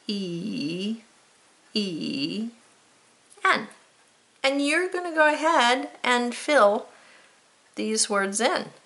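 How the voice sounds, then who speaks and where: A woman's voice: mid-range voice, creaky, fairly bright tone. An American woman teaching a spelling lesson, patiently sounding out words and spelling them letter by letter.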